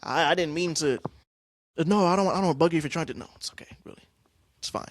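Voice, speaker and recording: A young man hosting a podcast, casually telling stories about acting class, slangy and animated. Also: on the high side, quick pace, dry recording, studio quality. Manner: animated, acts out scene lines, slangy. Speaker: podcast host.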